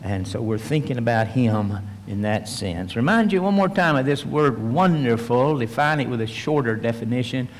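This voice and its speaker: A man's voice: mid-range voice, lively intonation, moderate pace, hardly any pauses. A male pastor preaching a sermon and leading a prayer. He retells a story vividly and acts out the voices of the people in it. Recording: long reverb, large hall.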